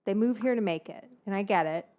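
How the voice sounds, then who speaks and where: Here the San Francisco Bay Area cooking host and cookbook writer talks fairly quickly in a mid-range voice with a darkish tone, and the high frequencies are cut off. She keeps up casual kitchen chatter, frank and profane, rambling between tangents.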